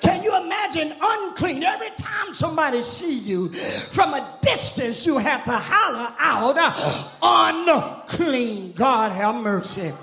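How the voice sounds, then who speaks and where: A woman's voice: sits high, sing-song, unhurried, a bit bright. A woman preacher delivering an impassioned sermon, hollering out lines and crying out to God between phrases. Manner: impassioned, hollering, exclaims "God have mercy" repeatedly. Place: church sanctuary. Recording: roomy church with faint music.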